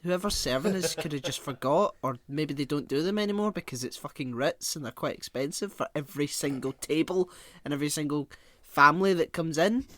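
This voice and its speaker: A man co-hosting a podcast in casual chat, animated and sweary, breaking into mocking voices of relatives. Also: on the high side, a little fast, no room sound. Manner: animated, swearing, mimics relatives with put-on accents. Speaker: podcast co-host.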